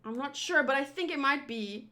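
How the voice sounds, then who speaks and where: A young woman with a high, bright voice talks straight to her viewers, venting her frustration. She rambles, swears freely and circles back on herself as she complains. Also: lively intonation, moderate pace. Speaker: streamer and host.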